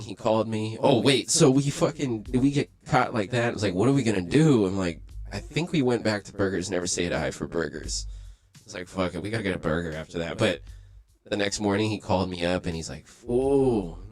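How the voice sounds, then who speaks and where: A young man telling a story in casual, profane talk, acting out the voices of the people he quotes. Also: fairly low pitch. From Los Angeles. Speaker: livestream host.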